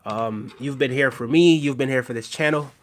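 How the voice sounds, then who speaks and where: At normal speed and medium pitch, a man hosting a relaxed livestream reads out comments from viewers. His tone toward the audience is earnest and reassuring, filled with lots of filler words.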